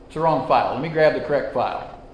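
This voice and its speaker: A man's voice: mid-range voice, fast, muffled recording, a little hiss or hum. A man teaching a Sunday school class, chatty and self-deprecating, opening with jokes. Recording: echoey hall with reverb.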